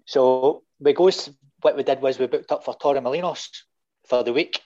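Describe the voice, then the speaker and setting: A man's voice: medium pitch, moderate pace. Storytelling Scottish man, muffled recording. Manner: animated anecdotes with swearing and voiced quotes. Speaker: guest fan. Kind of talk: casual storytelling.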